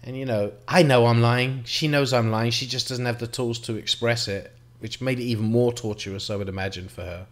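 A middle-aged man, telling a painful personal story to camera in a halting, reflective way, with restarts and the odd swear word. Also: medium pitch, fairly even intonation. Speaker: vlogger.

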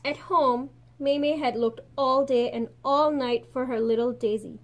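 A woman teacher reads a picture book aloud with lots of expression. Her voice is high and clear, and she slows and softens for quiet endings. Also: fairly even intonation.

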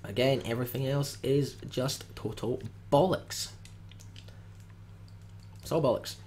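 A man's voice: medium pitch, fairly even intonation, measured pace, a little mellow, a little hiss or hum. Grumbling man opening game packs. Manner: dry, grumbling, jokey asides. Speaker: gaming video host. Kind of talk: casual commentary while opening card packs.

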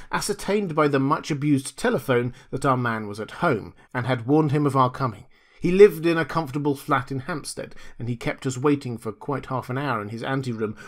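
Man narrating a classic story, measured. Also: medium pitch. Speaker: audiobook narrator.

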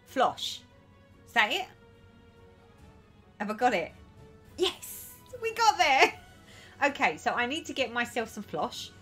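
A woman chatting her way through a stitching livestream, reading viewer comments aloud and giggling often. She talks at an unhurried pace, with faint music playing underneath. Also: a little high, sing-song, bright, forceful tone, slightly rough. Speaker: livestream host. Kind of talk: casual stitching livestream chat.

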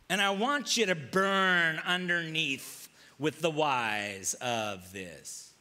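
A man's voice: a little high, slow pace, bright, forceful tone. A male pastor preaching a sermon, acting out quoted lines and firing off rhetorical questions. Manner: dramatic, acts out quoted voices, rhetorical questions.

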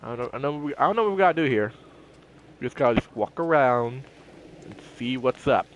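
A man's voice: medium pitch, animated, a little fast, dull audio, slight background noise. A man giving casual let's-play commentary, playful and jokey, talking to himself as he explores. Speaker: gameplay commentator.

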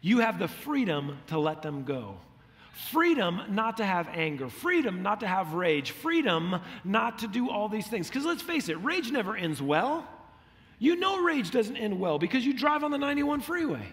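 A man's voice: high-pitched, big pitch swings, moderate pace, a bit bright. A middle-aged man preaching a sermon as a pastor, telling stories with animation and acting out the lines he quotes. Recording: long hall reverb.

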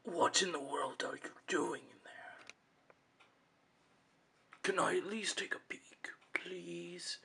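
A performer voicing a sarcastic male Boo ghost in a whispered role-play, with a raspy, creaky whisper. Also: mid-range voice, slow pace, long pauses, pushed and bright, slight background noise, heavily acted. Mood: impatient. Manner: sarcastic and mocking. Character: scoffing male Boo ghost, a dry mocker.

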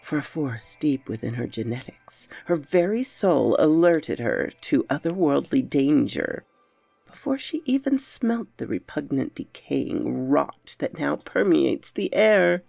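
A woman narrates a horror story in a dramatic, brooding first-person voice. Her tone has a gravelly grain and moves widely in pitch. It is recorded dry and close, with soft music underneath. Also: big pitch swings, unhurried, no echo.

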